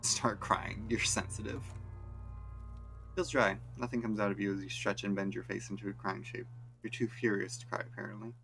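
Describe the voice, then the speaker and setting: A man streaming a video game, reading its text aloud in a flat, deadpan way with wry asides. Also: fairly low pitch, normal speed, creaky, faint music behind.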